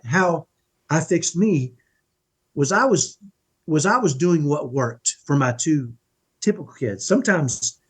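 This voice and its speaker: A man's voice: a little high, slightly rough. A middle-aged man speaking as a podcast guest in an earnest, emphatic way, often checking in with "right?". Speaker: podcast guest, parenting coach. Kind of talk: conversational interview.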